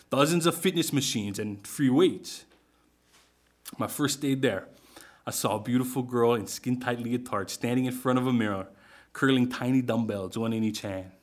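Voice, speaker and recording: A man telling a humorous first-person story with dry understatement. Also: mid-range voice.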